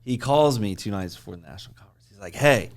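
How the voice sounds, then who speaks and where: A man's voice: fairly low pitch, rapid-fire. A man hosting a podcast interview, asking questions and telling stories animatedly. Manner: animated storyteller, asks questions.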